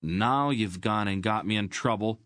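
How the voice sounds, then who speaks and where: A man's voice: lowish voice, lively intonation, normal speed, fairly bright tone, dry recording, voice pushed up. A man voicing a resentful teenage farm boy in an audiobook, sulky and defensive. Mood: sulky, defiant. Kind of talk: audiobook character voice.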